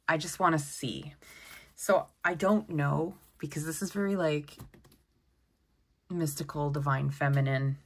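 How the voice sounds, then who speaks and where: A woman giving a casual tarot deck walkthrough, chatty and excitable, often exclaiming over the cards. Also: low voice, unhurried, long pauses, breathy edge. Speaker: tarot content creator.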